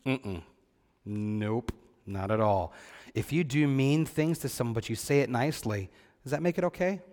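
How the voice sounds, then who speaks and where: A man gives a children's sermon in a reverberant church hall, where long echoes trail after each phrase. His voice sits at an ordinary middle pitch. He asks the kids questions, answers with a soft "mm-mm," and lingers on the points he wants them to remember. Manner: slow and deliberate on key points. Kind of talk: scripture reading and children's sermon.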